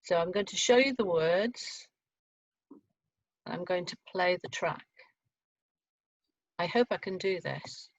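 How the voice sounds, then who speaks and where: A woman's voice: fairly low pitch, slow, long pauses, no echo. Woman leading choir practice online. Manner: chatty, explaining step by step with fillers. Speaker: choir leader. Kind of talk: online choir rehearsal teaching. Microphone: video call. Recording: dull lo-fi video call audio.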